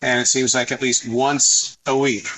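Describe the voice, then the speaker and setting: A man's voice: mid-range voice, level tone, measured pace, fairly bright tone, a little hiss or hum, poor audio. A man hosting a podcast who chats casually and teases his coworkers in a jokey way. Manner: teasing, jokey. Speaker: podcast host. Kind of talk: casual chat.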